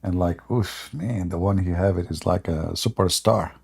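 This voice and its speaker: Aged male streamer, husky and mellow, animated casual storytelling with frequent laughs. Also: deep voice, moderate pace. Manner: animated, laughs often, acts out quotes. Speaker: livestream host.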